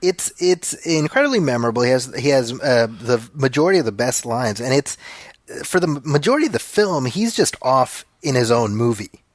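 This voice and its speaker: A man's voice: medium pitch, very animated, fairly quick, no room sound. A man co-hosting a casual movie commentary podcast, easygoing, padding his points with fillers and slipping in wry jokes. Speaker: podcast co-host.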